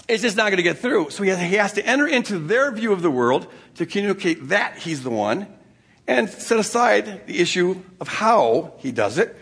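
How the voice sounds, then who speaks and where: An older man delivers a sermon in a relaxed, storytelling way, often chuckling and restarting his sentences. His voice sits fairly high for a man and has a husky grain. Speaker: pastor.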